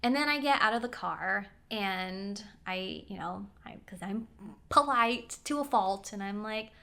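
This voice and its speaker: Bright-voiced young woman telling stories. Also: mid-range voice, measured pace, gravelly. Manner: chatty, animated storytelling with quoted voices and asides. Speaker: vlogger. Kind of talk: casual storytelling.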